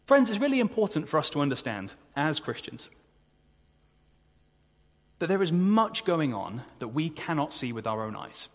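A man preaches a sermon in an earnest, conversational way, now and then asking the congregation to agree. His voice is somewhat husky. The sound rings with long reverb from the church hall. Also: on the high side, very animated, normal speed, pauses often.

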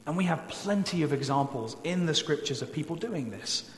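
A man preaching a sermon as pastor, earnest and pleading, slowing down to stress key points. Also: fairly high pitch, expressive. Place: church sanctuary. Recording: echoey church hall, faint hum.

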